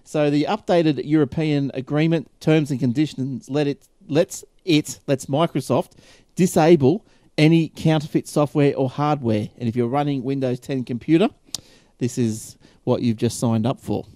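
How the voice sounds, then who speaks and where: Chatty, rambling man with a mellow voice. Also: a little high, steady tone, normal speed, dry recording, clean studio sound. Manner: rambling, chatty, laughs often. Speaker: podcast host. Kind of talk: casual tech chat.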